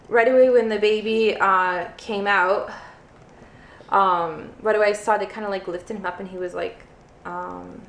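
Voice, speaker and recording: A woman's voice: mid-range voice, fairly bright tone. A young woman vlogger telling a personal story casually, peppering her speech with "like" fillers. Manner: chatty, heavy use of "like" fillers. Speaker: vlogger, first-time mother. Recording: roomy echo.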